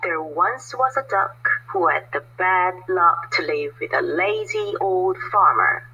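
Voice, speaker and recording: A woman reading a children's picture book aloud in a slow, deliberate storytelling manner. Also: on the low side, animated, bright, forceful tone, breathy edge. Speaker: storybook reader. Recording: muffled lo-fi recording.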